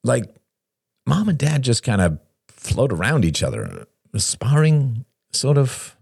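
A man's voice: medium pitch, huge pitch swings, slow, vocal fry, darkish tone, slightly rough, no room sound, clean studio sound, pitched above the performer's own voice, exaggerated voice. A man voicing an agitated young man who presses his brother insistently.

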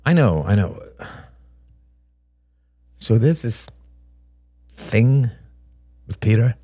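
A man's voice: mid-range voice, animated, drawn-out words, mellow, dry recording, studio quality, voice pushed up. A man playing a nervous, stammering young son. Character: anxious, hesitant young adult son.

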